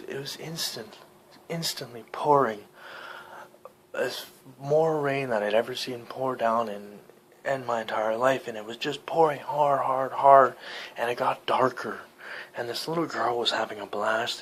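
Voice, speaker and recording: A man recounts an eerie encounter in an unscripted, halting way, repeating and restarting words. His volume swings between urgent loud bursts and near-whispers at a middle pitch. A faint hiss of noise sits under the voice. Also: poor audio. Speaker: storyteller. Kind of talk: first-person spoken story, unscripted.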